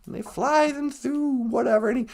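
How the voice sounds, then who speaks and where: A woman's voice: high voice, fairly quick, a little mellow. A woman host retelling a story comically in a rambling, loose way, laughing and searching for words. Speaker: podcast host.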